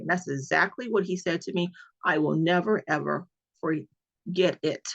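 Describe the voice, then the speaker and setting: Gravelly-voiced woman telling her story. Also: lowish voice, animated, moderate pace. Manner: earnest, emphatic, repeats key words. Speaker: patient sharing her own experience. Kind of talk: personal storytelling. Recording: dull lo-fi recording.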